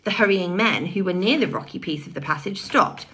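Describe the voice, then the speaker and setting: A woman reading a children's novel aloud with expressive storytelling. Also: on the low side, brisk, slightly rough. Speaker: audiobook reader.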